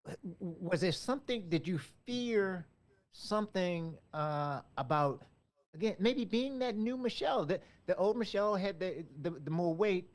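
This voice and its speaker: A man interviewing a guest in a casual conversation, speaking haltingly with many restarts and fillers. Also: high voice, animated.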